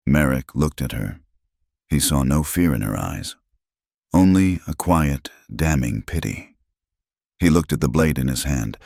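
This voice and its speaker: A man giving scripted, dramatic narration of a western story, measured and pausing phrase by phrase. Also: rumbling low, expressive, creaky, darkish tone, dry recording, clean studio sound.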